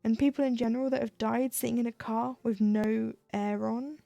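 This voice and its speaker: A woman's voice: a little high, level tone, moderate pace, vocal fry, mellow, no echo, faint music behind. A woman streaming her cross-stitching, chatting casually and ranting, laughing often as she talks at her desk. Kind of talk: casual chat while stitching.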